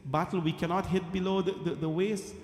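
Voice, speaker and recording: A man's voice: high voice, steady tone, brisk, darkish tone, close to an everyday voice. A man playing earnest warrior Bhim. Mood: pleading. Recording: reverberant temple hall.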